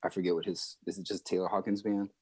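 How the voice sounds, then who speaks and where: A man guesting on a podcast, telling stories in a chatty, animated way with lots of fillers. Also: low voice, fast talker, slightly rough, no echo. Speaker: guest musician. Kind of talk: casual podcast storytelling.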